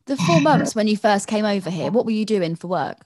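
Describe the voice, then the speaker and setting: A woman's voice: medium pitch, lively intonation, fairly quick, a little mellow, no room sound, clean studio sound. A woman from England interviewing a guest, asking curious follow-up questions.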